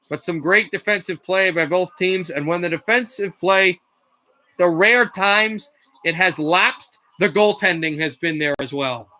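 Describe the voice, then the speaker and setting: A man doing amateur live play-by-play commentary, calling the action quickly with slips and self-corrections and rising to shouts on big plays. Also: high-pitched. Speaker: play-by-play streamer.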